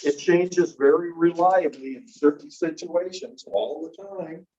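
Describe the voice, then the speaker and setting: A man's voice: on the high side, unhurried, mellow, husky. A middle-aged man teaching phonetics in a casual lecture, saying example words aloud to show how sounds change. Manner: casual explaining, repeats words to demonstrate sounds. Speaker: phonetics instructor. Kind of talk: classroom lecture. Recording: distant dull lo-fi classroom recording.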